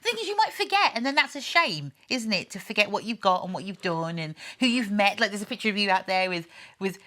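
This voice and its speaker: A woman's voice: mid-range voice, very animated, fast talker. A woman interviewing a guest, keeping him going with short encouraging remarks and questions. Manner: warm encouraging backchannel, short prompts. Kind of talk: casual interview.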